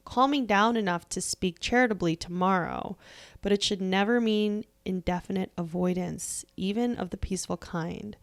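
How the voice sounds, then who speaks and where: Woman, podcast co-host, casual chat, laughing storyteller. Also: mid-range voice. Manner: chatty storytelling, laughs often.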